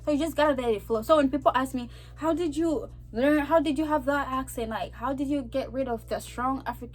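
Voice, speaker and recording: A young woman with a noticeable Zambian accent talks straight to her camera in a loose, animated vlog style. Her voice sits high, and she circles back over her own phrases. A soft music bed plays quietly behind her. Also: brisk. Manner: animated, repeats herself, laughs often. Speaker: vlogger. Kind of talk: casual chat to camera.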